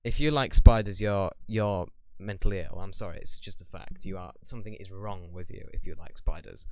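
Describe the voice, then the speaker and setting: Blunt, rambling young man, smooth low voice. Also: steady tone, moderate pace, darkish tone. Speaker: YouTuber. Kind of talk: casual Q&A vlog.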